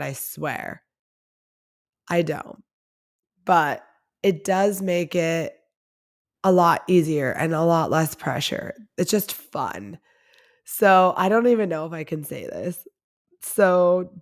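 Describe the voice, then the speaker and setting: Woman podcast host, slightly low voice, candid and chatty personal storytelling. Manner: chatty and confessional, heavy use of "like".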